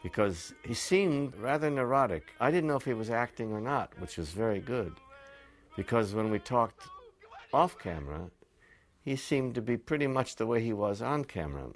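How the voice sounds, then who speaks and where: A man's voice: medium pitch, lively intonation, moderate pace. A man, an actor, thoughtfully recalling a film costar in an interview. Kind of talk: interview recollection.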